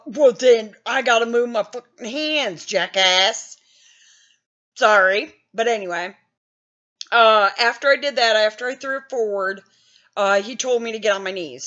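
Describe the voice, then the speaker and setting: Older woman vlogger, brash and self-deprecating storyteller who swears freely; slightly high voice, muffled mic. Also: fairly bright tone. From Wisconsin, US. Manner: blunt, swears a lot, self-mocking. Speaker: gaming channel host. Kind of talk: casual storytelling.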